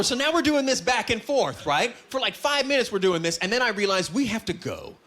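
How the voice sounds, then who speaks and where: Animated high-voiced Canadian comic. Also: male voice, quick pace, few pauses. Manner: animated, jumps into loud high character voices. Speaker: stand-up comedian. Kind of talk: stand-up comedy set. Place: comedy club stage. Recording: live club with audience.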